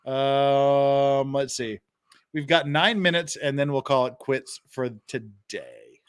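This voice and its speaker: A man's voice: mid-range voice, slow, clean tone. A man in his fifties hosting a casual reaction livestream, profane and digressive, often laughing at his own jokes. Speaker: host reacting to interrogation footage.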